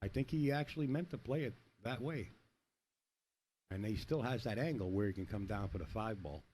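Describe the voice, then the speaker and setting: A man's voice: fairly low pitch, normal speed, darkish tone, slightly rough. A middle-aged man commentating a pool match in a rambling, chatty way, telling jokes between shots. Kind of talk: casual play-by-play with joke telling.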